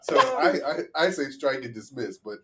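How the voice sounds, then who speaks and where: A man, a comedian, arguing the defense in a comedy podcast mock trial, halting with many repeated starts. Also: mid-range voice, animated, heavy background noise.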